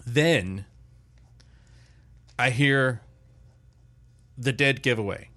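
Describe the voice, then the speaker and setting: An older man in casual chat, telling a lively family story as podcast host. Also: mid-range voice, very slow. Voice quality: animated storyteller, loud put-on shouts in quotes.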